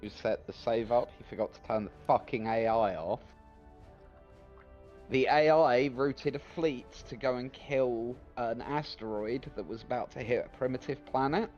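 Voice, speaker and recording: A man's voice: medium pitch, moderate pace, a little mellow, highs cut off, faint music behind. A man in a gaming voice chat telling a story in an exasperated way and swearing freely. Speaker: game player on voice chat.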